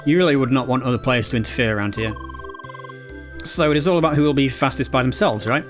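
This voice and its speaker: A man voicing a calm, formal guide character who explains things in measured, proper speech. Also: medium pitch, close to an everyday voice. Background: game music.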